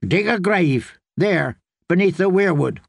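A man's voice: sits high, expressive, measured pace, gravelly, no room sound, clean studio sound, pitched above the performer's own voice, heavily acted. A man voicing a stern, blunt woman knight who gives clipped commands, in an audiobook. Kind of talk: audiobook character voice.

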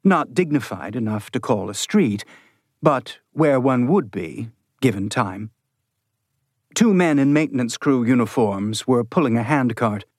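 A man reading an audiobook in measured, steady scripted narration. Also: medium pitch, dry recording, clean studio sound.

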